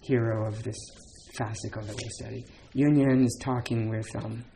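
A man's voice: mid-range voice, steady tone, normal speed, gravelly, noisy background. A man giving a dharma talk as a Zen teacher, casual and chatty, with many fillers and laughs between points.

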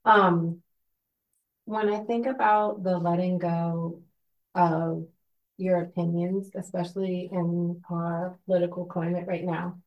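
A woman from the audience slowly working out a hesitant question, searching for her words as she goes. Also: fairly low pitch, level tone, muffled recording. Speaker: audience member asking a question.

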